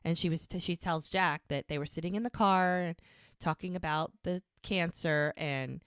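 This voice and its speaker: A woman co-host talks through an episode recap in a chatty, rambling style. Her voice sits a little low, and the sound is dry and close. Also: normal speed, smooth, dry recording. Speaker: podcast co-host.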